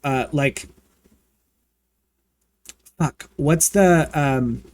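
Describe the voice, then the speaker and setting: A man chatting casually and campily while streaming a video game, with playful swearing and excited bursts. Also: a little high, very slow. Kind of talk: casual gaming livestream chat.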